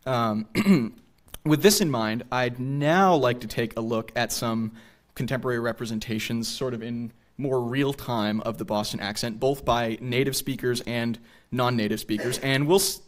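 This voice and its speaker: A man's voice: mid-range voice, normal speed. A young man giving a conversational local history lecture in a small theater, with frequent ums and asides of "right?". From New England. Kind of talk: public lecture with slides.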